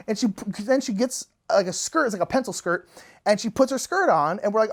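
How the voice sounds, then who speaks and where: A man telling a funny travel story in a casual, animated way, laughing often. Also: fast. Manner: animated, laughing, big pitch swings. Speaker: storyteller, channel co-host.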